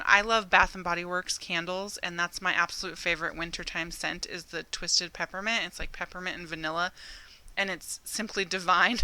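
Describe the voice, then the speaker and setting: A woman's voice: lowish voice, bright, forceful tone, no echo. A woman hosting her own card-making channel, chatting her way through each crafting step. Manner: chatty, step-by-step, lots of "I'm gonna". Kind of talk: craft tutorial narration.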